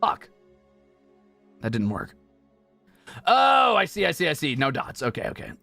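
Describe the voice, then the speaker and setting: Bright, lively young man streaming. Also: fairly high pitch, unhurried, creaky, no echo, soft background music. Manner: playful, joking, drifts into mumbling while typing. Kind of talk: casual gaming livestream chat. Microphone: close streaming mic.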